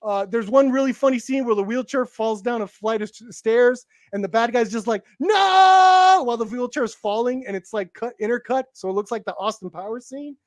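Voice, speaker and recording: A man co-hosting a casual podcast, recapping a movie in a rambling, halting way with many restarts. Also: very high voice, fairly even intonation, darkish tone, no echo. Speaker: co-host reviewing a movie.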